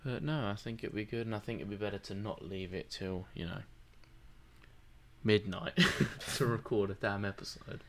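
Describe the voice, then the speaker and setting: Rambling, joking man, low voice. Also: normal speed. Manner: rambling, joking, laughs often. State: tired. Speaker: podcast co-host. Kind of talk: casual late-night chat.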